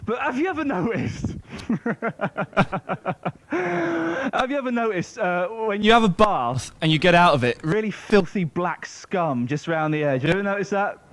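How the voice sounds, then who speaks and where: A young British man hosting a stand-up comedy show, joking between acts and shouting the introductions. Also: high-pitched, normal speed. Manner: jokey, excitable, shouts the introductions. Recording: noisy 1990s TV broadcast. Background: studio audience laughter.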